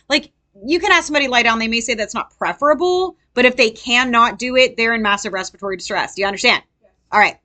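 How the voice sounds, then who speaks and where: Brief: upbeat woman nursing tutor, high bright voice, lively quizzing style. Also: fairly quick. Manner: animated, quizzing students, acts out patients. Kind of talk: casual classroom review lesson.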